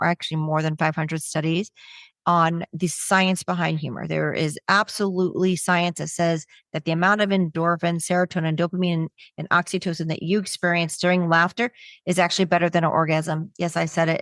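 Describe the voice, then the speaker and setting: A woman's voice: lowish voice, no echo, clean studio sound. A middle-aged woman giving a webinar talk in a stand-up comedy style, brash and joking with punchy delivery. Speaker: webinar speaker on humor.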